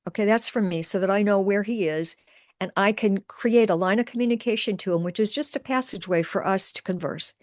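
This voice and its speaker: A middle-aged woman, a spiritual teacher on a video call, explains her process with lively energy, then softens into hushed, slow meditative speech. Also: medium pitch, dry recording, clean studio sound. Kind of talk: guided demonstration with narration.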